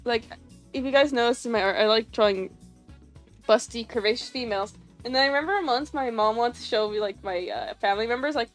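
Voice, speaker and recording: Giggly high-voiced young woman streamer. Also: fast. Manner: rambling, giggly, lots of fillers and restarts. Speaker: animation streamer. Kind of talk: casual livestream chat while drawing. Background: faint music.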